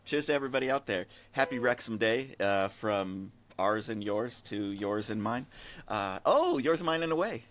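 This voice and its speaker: A man's voice: mid-range voice, animated, a bit bright, slight background noise. A man hosting a casual podcast, rambling and joking as he runs through the show. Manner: rambling, jokey, quick asides. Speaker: podcast host. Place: desert region.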